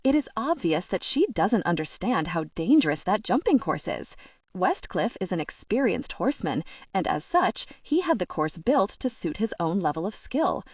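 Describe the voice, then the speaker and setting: A woman voicing a caring young married woman who speaks smoothly and measuredly. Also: mid-range voice, big pitch swings, moderate pace, darkish tone, dry recording, studio quality, far from the mic. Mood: concerned.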